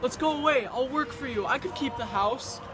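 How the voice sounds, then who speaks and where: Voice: high-pitched, moderate pace, close to an everyday voice. A performer playing a nervous young bride who stammers and pleads in an amateur stage play. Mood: pleading. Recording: noisy with traffic behind.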